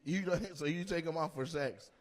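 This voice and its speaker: A man doing stand-up crowd work in a comedy club, loud and teasing, and slipping into playful mock voices. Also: on the high side, moderate pace, a little hiss or hum. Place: comedy club stage before a live audience.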